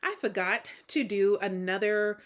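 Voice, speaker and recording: A woman's voice: medium pitch, measured pace. Tired woman host with a slight Southern twang; chatty knitting vlogger who laughs a lot, mid-range voice. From Georgia, US. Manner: chatty, laughs often, self-deprecating. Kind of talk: casual knitting vlog chat.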